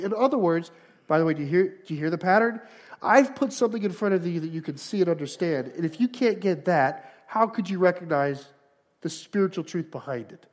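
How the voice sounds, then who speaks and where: A pastor with a high-sitting, expressive voice preaches a sermon at a brisk pace. He speaks earnestly and repeats phrases for emphasis, building to louder passages and then going quiet for prayer.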